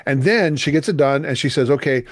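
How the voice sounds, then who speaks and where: A man's voice: fairly high pitch, brisk, no room sound, clean studio sound. A middle-aged man, a youth minister, telling an emotional personal testimony in an earnest, emphatic way. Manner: earnest, emphatic, voice rising with feeling.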